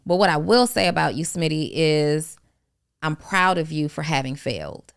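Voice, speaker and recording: A woman hosting a business podcast in a casual, chatty way, with a smooth and clear voice pitched on the low side. She tells stories in an animated way, laughs easily and is generous with encouragement. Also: normal speed. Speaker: podcast host and business coach.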